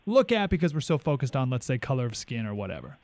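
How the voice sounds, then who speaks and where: Fast-paced male host asking questions, dry close sound. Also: mid-range voice, big pitch swings, creaky, a little mellow, no echo. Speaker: interviewer host. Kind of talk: interview questions.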